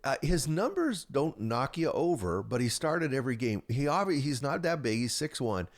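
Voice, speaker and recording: Friendly male podcast host, chatty, mid pitch, even delivery. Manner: friendly, chatty, quick to laugh along. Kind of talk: casual sports interview.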